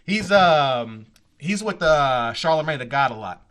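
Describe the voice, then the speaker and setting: Bright, higher-pitched guy swearing through a story, talks like a comic. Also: a little slow. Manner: profane, animated storyteller. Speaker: interview guest, radio host and comedian. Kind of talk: casual chat.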